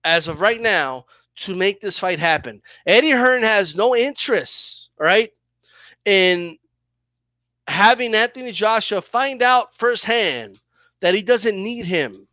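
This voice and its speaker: A man's voice: sits high, expressive, slow, bright, forceful tone, no echo. Fired-up man ranting about boxing. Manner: fired up, repeats "okay?" and "right?". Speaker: boxing commentator. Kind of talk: heated opinion rant.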